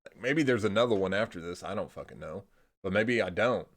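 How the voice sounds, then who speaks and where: Young male streamer, lowish voice, easygoing and profane, rambles and trails off. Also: expressive, a little fast, a bit bright. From Indiana, USA. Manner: laid-back, swears a lot, trails off with "I don't know". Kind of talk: casual rambling chat.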